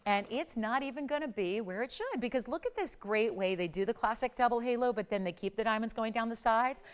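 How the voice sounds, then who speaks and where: A woman's voice: on the high side, expressive, brisk, smooth. Gushing female shopping channel host. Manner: chatty, gushing, upbeat sales patter. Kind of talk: live TV jewelry selling. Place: TV studio.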